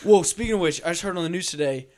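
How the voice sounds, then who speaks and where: A man chatting on a casual podcast, joking and cutting in often. His voice is a touch higher than most men's. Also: racing, a loud crowd. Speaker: podcast co-host. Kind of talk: casual chat.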